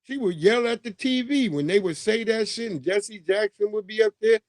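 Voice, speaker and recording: A man in his forties hosting a livestream, giving animated, profane casual commentary and laughing often. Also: high-pitched, normal speed, no room sound, clean studio sound. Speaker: livestream host.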